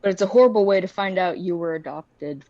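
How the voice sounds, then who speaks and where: A woman co-hosting a podcast, telling jokes in a dry, unhurried way during casual chat. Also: fairly low pitch, dark tone, dry recording. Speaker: podcast co-host. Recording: dull lo-fi audio.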